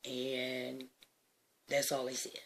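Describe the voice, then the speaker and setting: A woman, likely in her sixties, telling a personal story with emphatic swings from hushed to loud, laughing often. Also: very deep voice, completely flat delivery, slow, gravelly, slight background noise.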